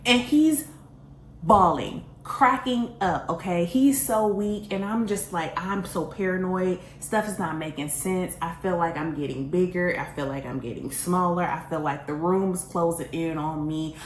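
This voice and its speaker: A woman telling a personal story in a casual storytime vlog, animated and self-mocking, often laughing. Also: on the low side, unhurried. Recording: roomy echo, faint background hiss.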